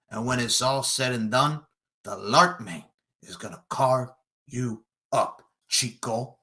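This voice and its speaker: As a guest on a podcast, a man delivers a fantasy wrestling promo at a slow pace. He's cocky and taunting, shifting from quiet menace to loud bragging.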